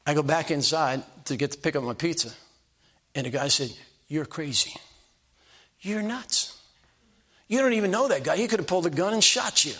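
Older man preaching folksy stories. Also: fairly high pitch. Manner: folksy storytelling, stumbles and restarts, slow emphatic punchlines. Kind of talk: sermon with personal stories.

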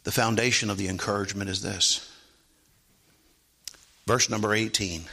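A man preaching a sermon, often asking the congregation "Amen?" and swinging from hushed tones to loud rising calls. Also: lowish voice, steady tone, moderate pace, creaky, pauses often, slightly rough. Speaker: pastor.

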